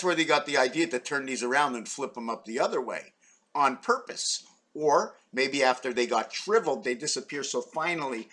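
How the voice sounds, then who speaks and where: A middle-aged man, rambling excitedly to his camera and thinking aloud with many questions. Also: mid-range voice, normal speed. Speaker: vlogger.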